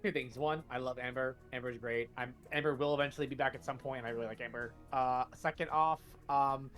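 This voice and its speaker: Low-voiced woman gushing about her comic, lively, some music in the back. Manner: enthusiastic, rambling. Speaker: comic creator. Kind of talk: casual commentary.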